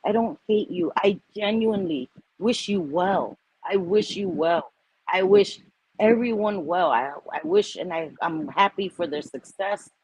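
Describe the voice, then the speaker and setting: An animated woman hosts a casual livestream chat, swearing freely and acting out her own inner voice. Her voice sits at a middle pitch. The sound is dry and close. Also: unhurried, breathy edge, dry recording, poor audio. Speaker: host.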